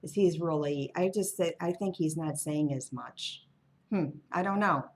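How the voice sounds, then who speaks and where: This is a woman giving a casual tarot reading as a monologue for her channel. She speaks in an unhurried, low-set voice. Her delivery wanders, and she often muses aloud and drops offhand remarks. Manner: musing, wandering, offhand asides. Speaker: tarot reader.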